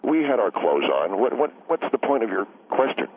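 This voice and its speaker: A man's voice: mid-range voice, very animated, moderate pace, slightly rough. An actor playing a touchy, rambling husband calling into a radio comedy show, who keeps mixing up he and she. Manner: defensive, rambling, mixes up he and she. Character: touchy rambling middle-aged husband caller. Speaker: caller. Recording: tinny phone line.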